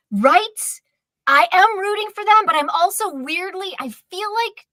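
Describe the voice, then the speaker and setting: Lively, bright-voiced woman gushing. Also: fairly high pitch, no room sound. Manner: animated, gushing, quick asides. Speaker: co-host. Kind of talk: casual chat about dramas.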